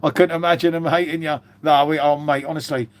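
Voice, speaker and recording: Here a fifties-aged man, his pitch slightly high for a male, talks briskly and in a level tone during a relaxed live stream. He drifts between stories, curses openly and ends nearly every line with "mate."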